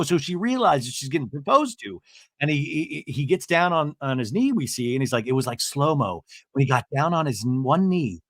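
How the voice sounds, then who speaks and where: A chatty, animated male podcast host recapping reality TV with jokes and asides. His voice sits a little high and swings widely in pitch. The sound is close and very dry. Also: normal speed, no echo. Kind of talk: casual comedic TV recap.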